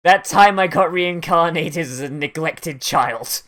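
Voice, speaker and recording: In a medium-pitched, slightly bright voice, an anime reaction host offers casual watch-along commentary at a measured pace. There's a lot of rambling, many "like" fillers, and some laughing.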